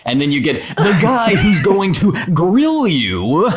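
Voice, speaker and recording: A man guest in a casual chat who talks haltingly, repeating words as he thinks. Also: sits high, very animated, a loud crowd.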